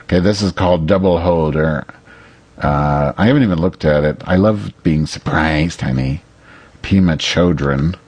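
A man's voice: extremely low pitch, moderate pace, darkish tone, no room sound. A man co-hosting a comedy podcast, bossy, impatient and teasing in crude bickering banter. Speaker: podcast co-host.

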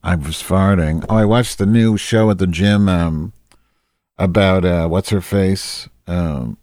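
A crude, self-mocking woman, as a man plays her rambles through a solo comedy monologue, losing her thread and filling gaps as she goes. The voice sits very low and dark. It is dry and close, with no room sound. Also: takes it slowly, no room sound. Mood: rambling. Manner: rambling, distracted, loses track with many fillers.

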